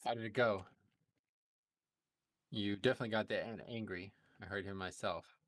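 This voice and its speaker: A man's voice: fairly low pitch, fairly even intonation, normal speed, no room sound, close to an everyday voice. A man reading out the lines of an urgent male human military leader in a plain voice. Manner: plain read-aloud of quest text. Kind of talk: reading game dialogue aloud.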